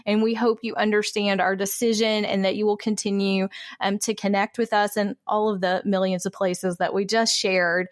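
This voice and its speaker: A woman's voice: mid-range voice, level tone, normal speed, few pauses, no room sound, clean studio sound. A woman co-hosting a podcast in casual chat, folksy and friendly, saying "y'all". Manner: warm, folksy, says "y'all". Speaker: podcast co-host.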